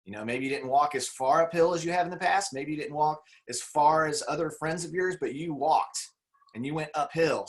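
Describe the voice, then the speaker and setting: Upbeat man giving a motivational talk. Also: mid-range voice. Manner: enthusiastic, conversational, acts out quotes. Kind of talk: motivational talk on a video call. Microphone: video call.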